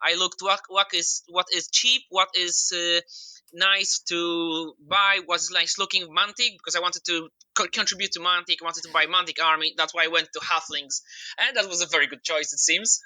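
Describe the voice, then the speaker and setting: A young man with a Polish accent talks casually as a podcast guest, his voice very bright and forward. He is modest and chatty, with non-native phrasing. The sound is dry and close. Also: high voice, fairly even intonation, moderate pace, dry recording, poor audio. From Poland. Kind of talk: casual interview chat.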